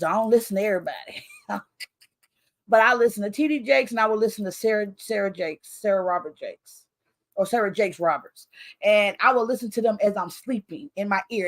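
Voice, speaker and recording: A woman author hosting her own book launch in casual, rambling chat that keeps losing its thread. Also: fairly high pitch. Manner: chatty, rambling, loses her train of thought; expressive, animated with laughter.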